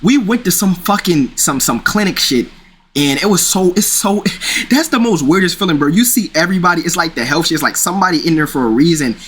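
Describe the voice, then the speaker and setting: A man's voice: fairly high pitch, animated, fairly quick, fairly bright tone, slightly rough. A young man casually telling a rambling personal story, full of slang and restarts. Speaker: streamer.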